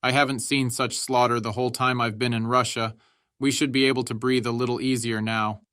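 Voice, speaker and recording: A man voicing a battle-hardened veteran soldier who gives gruff commands. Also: mid-range voice, flat delivery, a little fast, fairly bright tone, no room sound, studio quality, natural voice. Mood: gruff, relieved.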